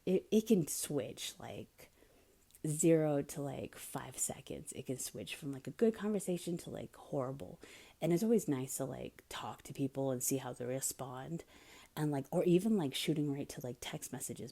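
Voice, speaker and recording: This is a young woman hosting a casual podcast. Her voice is low, husky and gravelly, with a mellow tone. She talks candidly and bluntly, and sometimes sinks into a whisper. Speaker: podcast host. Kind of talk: casual monologue.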